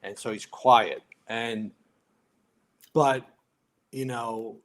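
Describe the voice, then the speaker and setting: A man's voice: mid-range voice, drawn-out words. A man, a retired firefighter telling stories as a podcast guest and acting out the lines of the people in them. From United States. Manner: animated storyteller acting out other people's lines. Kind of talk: storytelling in casual conversation.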